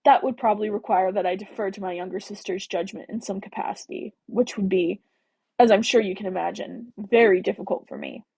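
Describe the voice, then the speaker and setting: A charming young gentleman with a joking, lazy manner, read aloud by a woman. The voice comes out slightly husky and dry, in an everyday reading tone from a romance novel. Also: medium pitch, fairly even intonation, a little fast, no room sound, rough recording. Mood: teasing.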